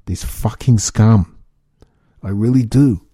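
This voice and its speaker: A man rants on his own podcast, angry and stumbling over repeated words as he swears. His voice is low and very dark and mellow. The sound is dry and close, with no room in it. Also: slow pace, breathy edge, dry recording. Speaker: podcast host. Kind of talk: ranting solo podcast.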